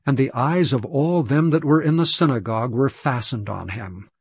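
A man giving a measured, solemn scripture reading. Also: medium pitch, breathy edge, no echo. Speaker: scripture reader. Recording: dull, dry lo-fi recording.

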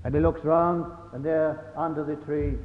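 A man's voice: a little high, fairly even intonation, moderate pace. A man preaching a gospel sermon, earnest and fervent, putting rhetorical questions to his hearers. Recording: echoey hall on a lo-fi phone-like recording with faint hiss.

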